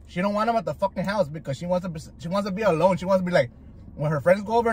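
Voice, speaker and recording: Very fast and high-pitched, his darkish voice comes with a little hiss or hum in the recording. The SoCal food vlogger eats as he talks, spinning stories full of cursing, slang, and Spanish.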